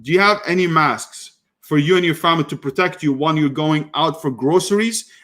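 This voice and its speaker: Animated man telling business stories. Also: on the high side, brisk. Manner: animated storyteller, many restarts, voice rises when annoyed. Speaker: online business educator. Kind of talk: casual talk to camera.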